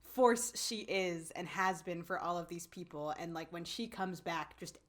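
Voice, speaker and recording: A woman co-hosting a podcast, chatting casually and excitedly about a drama, full of fillers and acted-out lines. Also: on the low side, a little slow. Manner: bubbly, lots of fillers, acts out characters' lines. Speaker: podcast co-host. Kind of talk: casual chat recapping a drama.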